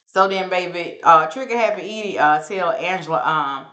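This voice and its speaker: Woman host, fairly low voice, gossipy recap delivery, animated quoted lines. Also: normal speed, hardly any pauses. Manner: chatty, sassy, says "baby" and "girl" a lot; acts out quotes with sudden high pitch jumps. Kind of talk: casual reality TV recap.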